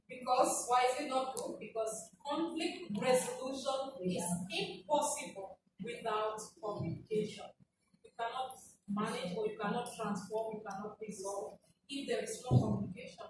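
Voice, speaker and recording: A high-voiced woman runs a workshop, drawing answers from participants and often laughing as she coaxes them. She sounds far from the mic in a very echoey room. Steady background noise sits under her voice. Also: normal speed. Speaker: workshop facilitator. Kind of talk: interactive teaching, questioning participants.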